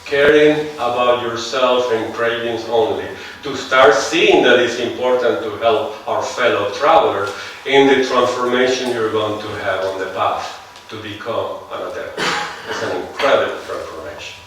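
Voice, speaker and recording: A man with a non-native English accent giving a seminar lecture, musing slowly and often putting rhetorical questions to his audience. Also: mid-range voice, a bit bright, slight background noise. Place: large lecture hall. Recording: echoey hall, heard from far off.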